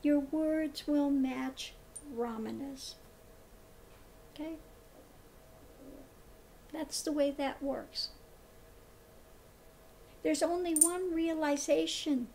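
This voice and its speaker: A woman with a high voice delivers a commentary monologue at a slow, deliberate pace. She speaks with emphatic scorn and hammers her points through repetition. A faint hiss runs underneath. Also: mellow. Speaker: tarot reader and spiritual commentator.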